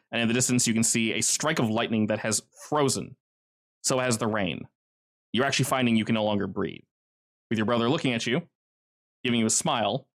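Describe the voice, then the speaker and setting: A man's voice: mid-range voice, fairly bright tone. A man running a tabletop game as game master, telling the scenes in a casual, vivid way with many fillers.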